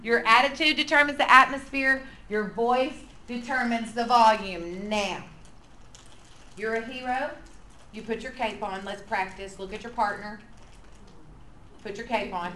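A woman leading a lively, playful workshop for church preschool teachers. She acts out quotes and drops to a whisper to draw the room in. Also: fairly high pitch, unhurried. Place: large hall with an audience. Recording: echoey room with faint noise.

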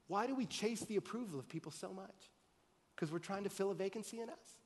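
A man preaching a sermon as pastor, telling a story with animated swings between loud excited bursts and quiet earnest talk. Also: high voice, quick pace. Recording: long hall reverb.

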